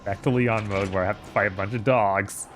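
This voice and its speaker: A man casually commenting on his own play during a gaming stream, with low-key remarks. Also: steady tone, fairly quick, soft background music. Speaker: streamer playing the game.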